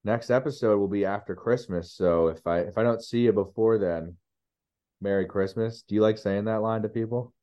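A man's voice: on the low side, normal speed, mellow. A man in his thirties co-hosting a podcast, chatting casually and joking along. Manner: jokey, reacts with laughs. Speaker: podcast co-host. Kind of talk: casual chat.

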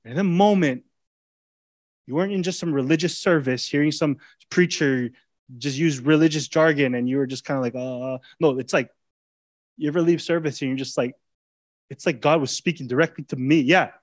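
A man preaching a sermon as a pastor, speaking in a conversational way that swings between loud, emphatic lines and quiet, intimate asides. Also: a little high, a little fast, no echo. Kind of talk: expository sermon.

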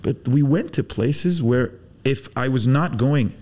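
A man raised in the Arab world appears as a guest on a laid-back podcast, telling stories with energy, acting out quotes and cursing freely. His voice sits at a medium pitch and moves a little slowly.

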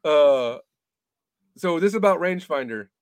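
Casting: male podcast co-host, high voice, dry close sound, rambling and jokey. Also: lively intonation, normal speed, smooth, no echo. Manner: rambling, filler-heavy, joking. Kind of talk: casual chat.

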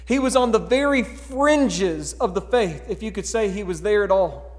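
A man preaching a sermon as pastor, earnest and pleading, dropping to a hush and rising to emphatic calls. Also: sits high, normal speed. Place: church sanctuary. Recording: long hall reverb.

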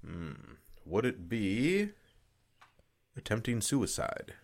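Deep-voiced laid-back young man. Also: big pitch swings, takes it slowly. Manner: laid-back, swearing, trailing off mid-sentence. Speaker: podcast co-host. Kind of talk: casual banter.

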